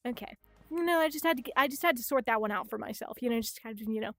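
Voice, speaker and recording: A woman's voice: on the high side, fast, no echo, soft background music. A young woman streaming casually, ranting animatedly, swearing a lot and acting out other people's voices. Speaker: VTuber streamer. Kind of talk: casual livestream chat.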